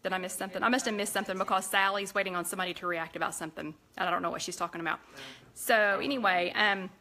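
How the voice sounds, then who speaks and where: A woman's voice: medium pitch, quick pace, pushed and bright. Chatty Southern woman hosting a cooking stream. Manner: chatty and rambling, talks while cooking. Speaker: cooking show host. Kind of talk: casual live-stream chat. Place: home kitchen.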